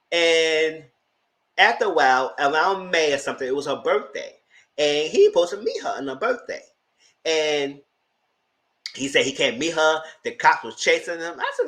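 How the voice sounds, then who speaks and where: A TV recap vlogger casually retells a reality show episode, sounding animated and incredulous as his voice jumps to high exclamations.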